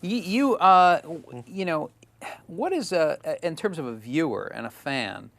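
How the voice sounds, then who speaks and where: A man's voice: a little high, expressive, unhurried, gravelly, a bit bright, no room sound. A middle-aged man hosting an interview, joking and riffing on his guest's stories. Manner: jokey, riffs on the guest's stories. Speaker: host. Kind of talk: casual interview chat.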